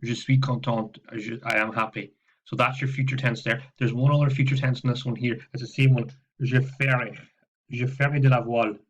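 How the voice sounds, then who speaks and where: A man teaching French in a steady, mid-range voice. He explains patiently, repeats himself and keeps checking in with his students. The recording comes through a laptop mic with a slightly muffled, lo-fi sound. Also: mid-range voice, brisk. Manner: explains patiently with frequent "okay" and repetitions. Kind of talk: recorded classroom lesson walkthrough. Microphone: laptop microphone.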